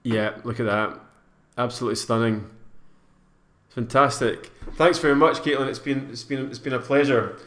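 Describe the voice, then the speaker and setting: Guy hosting a live show online, mid-pitched voice, stumbles and repeats himself a lot, friendly. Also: steady tone, a bit bright. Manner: halting, restarts and repeats words, friendly thanks. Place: indoor studio.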